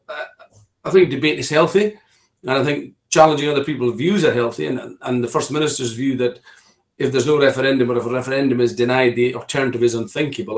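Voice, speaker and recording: A mid-pitched, middle-aged Scottish man appears as an interview guest in a conversational political discussion. Circling his point, he frequently restarts and repeats words, then carries on.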